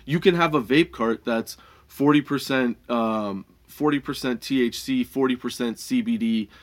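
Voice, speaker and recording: Laughing, cursing budtender telling a story. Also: male voice, mid-range voice, moderate pace. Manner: rambling, profane, laughs often. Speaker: dispensary budtender and product reviewer. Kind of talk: casual storytelling vlog.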